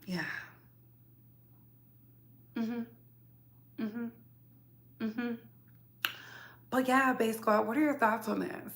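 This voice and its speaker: A woman with a Southern US accent hosting a casual commentary show, talking to her audience in an animated, opinionated, slangy way. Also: on the high side, drawn-out words, creaky, long pauses. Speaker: show host.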